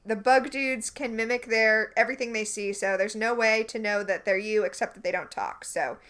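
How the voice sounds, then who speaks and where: Woman co-host, bright higher voice, lively casual recap chat. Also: normal speed. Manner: animated, recaps scenes and quotes characters. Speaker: podcast co-host.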